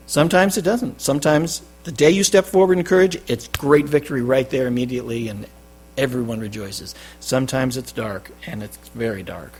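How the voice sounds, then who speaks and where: A man's voice: mid-range voice, breathy edge. Emphatic male pastor preaching. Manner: emphatic, swinging between loud stresses and quiet drops. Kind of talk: sermon. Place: church.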